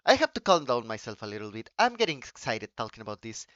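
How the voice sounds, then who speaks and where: Excitable, foul-mouthed male streamer. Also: mid-range voice, fast, no echo, highs cut off. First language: Spanish. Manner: excitable, profane ranting with restarts. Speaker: live streamer. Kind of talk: casual live-stream chat.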